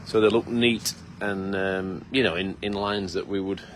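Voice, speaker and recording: Man, middle-aged, farm host, lowish voice, rambling fillers, outdoor phone video. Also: steady tone, measured pace, slight background noise. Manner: chatty, teasing, rambling with fillers. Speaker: farmer and host. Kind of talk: casual live farm walkabout. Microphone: phone camera held by someone nearby.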